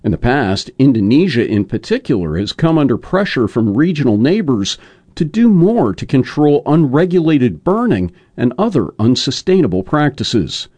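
A man reporting a short scripted news segment in a lively newsreader delivery. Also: mid-range voice, moderate pace, dry recording.

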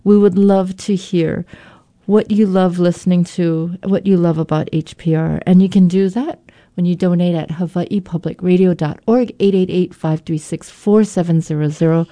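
A woman's voice: on the low side, fairly even intonation, moderate pace, dark tone. A woman hosting a public radio pledge drive in a studio, chatty and upbeat, with a few fillers as she gives the number.

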